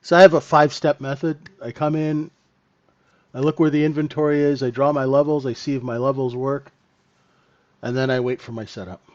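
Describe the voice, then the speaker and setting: A man's voice: mid-range voice, fairly even intonation, a little fast, darkish tone, no echo, lo-fi sound. Man calling trades live, casual. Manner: casual, thinking aloud over the charts. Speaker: futures trading room host. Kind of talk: live trading commentary.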